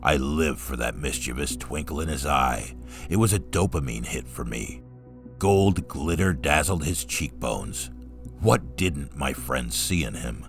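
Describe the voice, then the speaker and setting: Very deep-voiced male story reader. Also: unhurried, gravelly, soft background music. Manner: calm, steady first-person narration. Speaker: narrator. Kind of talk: story reading.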